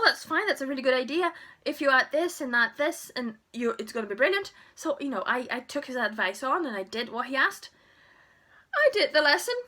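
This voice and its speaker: A young woman and primary school teacher, talking casually to camera in a chatty, expressive way and laughing often. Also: mid-range voice.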